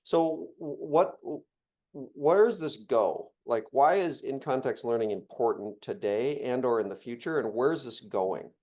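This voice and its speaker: A man's voice: mid-range voice, lively intonation, measured pace, a little mellow. A man hosting a casual chat, curious, thinking aloud and asking follow-up questions.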